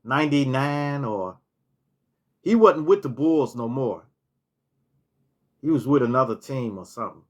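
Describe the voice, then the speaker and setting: A man's voice: medium pitch, expressive, measured pace, long pauses. A middle-aged man telling casual stories on a vlog, rambling, restarting words and filling with "you know" as he recalls things. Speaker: storytelling vlogger. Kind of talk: casual storytime monologue.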